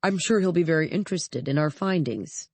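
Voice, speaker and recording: A woman voicing a calm, measured male journalist in an audiobook. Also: sits low, no echo.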